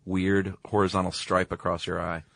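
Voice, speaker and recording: A man's voice: sits low, little pitch movement, moderate pace, creaky, fairly bright tone, dry recording. A man co-hosting a podcast, casually explaining facts with lots of filler words and easy laughs. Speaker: podcast co-host. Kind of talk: casual chat.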